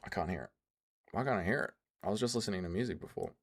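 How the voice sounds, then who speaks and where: A man's voice: on the low side, animated, fast talker. A man hosting a livestream, reading out chat and answering in a crude, joking, rambling way. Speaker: streamer host reading chat.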